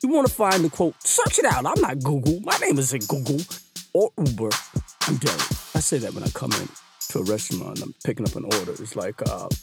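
Male podcast host, casual monologue, very animated swings in pitch, hip hop music running under. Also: fairly quick, creaky. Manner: animated, slangy, repeats words.

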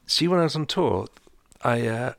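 A man hosting a radio show, casually chatting with a co-host and telling a relaxed story with chuckles. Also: medium pitch, moderate pace, creaky, dry recording.

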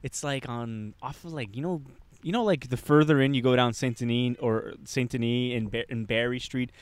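Young man rambling through a story, smooth voice. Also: medium pitch, normal speed, no room sound. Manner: rambling, swearing, laughing storyteller with many restarts. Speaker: podcast co-host. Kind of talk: casual storytelling chat. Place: outdoors in a park.

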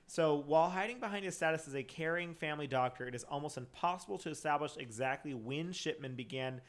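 A man's voice: a little high, fast talker. A man hosting a casual podcast, reading a true crime case from notes with frequent stumbles and restarts. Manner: reads notes with stumbles and restarts, laughs often. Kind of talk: casual chat.

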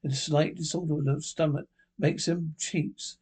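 A man's voice: on the high side, fairly even intonation, a little slow, darkish tone, slightly rough, heavily acted. A man reading aloud and voicing a frightened old miser, with nervous stumbles. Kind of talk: storybook reading.

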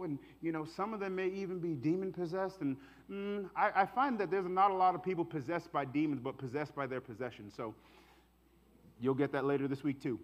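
A man's voice: high-pitched, fairly quick. A male pastor preaching a sermon in a passionate, casual, colloquial way, in a hall with a long echo.

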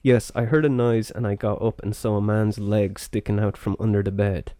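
A man's voice: lowish voice, fairly even intonation, normal speed, mellow, no echo, studio quality, natural voice. A man reading as a flustered housewife, Mrs Hicks. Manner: reading aloud from an old paper.

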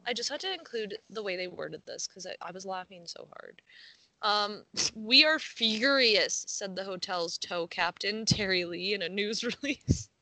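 A woman's voice: medium pitch, normal speed, pushed and bright, dry recording, low-quality recording. A young woman co-hosting a casual podcast, reading a news story aloud with frequent giggles and casual swearing. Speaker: podcast co-host.

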